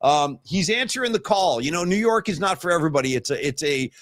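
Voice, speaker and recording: Animated, candid man talking sports. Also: fairly high pitch, fast talker, dry recording, clean studio sound. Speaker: podcast co-host. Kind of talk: casual sports chat.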